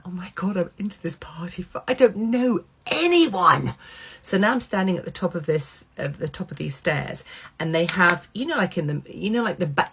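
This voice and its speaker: A middle-aged woman vlogger telling a personal anecdote, animated, swearing freely and acting out quoted lines. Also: deep voice, husky.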